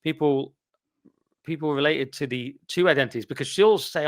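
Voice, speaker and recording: An English podcast host with a fairly high voice speaks at a moderate pace. His casual, opinionated chat is blunt and sardonic, with rambling asides.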